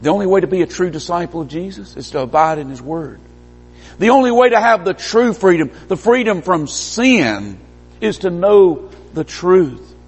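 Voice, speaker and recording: A man preaching a sermon, emphatic, swinging from stressed peaks to quiet low lines. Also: lively intonation, normal speed, slightly rough. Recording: long hall reverb.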